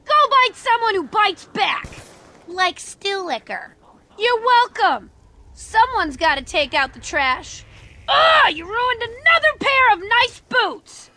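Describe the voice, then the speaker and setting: A woman's voice: extremely high pitch, sing-song, takes it slowly, bright, forceful tone, full character voice. An actress voicing a brash, wisecracking young woman who fights zombies in a video game, trash-talking as she goes. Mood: taunting.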